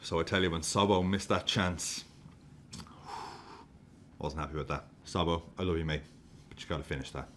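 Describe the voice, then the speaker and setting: A man with a low voice reacts to a football match with giddy excitement, swearing freely and laughing as he goes. He talks casually, like a fan ranting to his camera. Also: moderate pace, long pauses, slight background noise. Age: adult with a young daughter.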